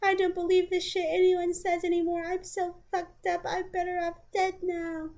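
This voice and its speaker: A woman's voice: very high voice, completely flat delivery, normal speed, a little mellow, voice pushed up. A woman mimicking a clingy, self-pitying young man, whiny and pleading. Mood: despairing.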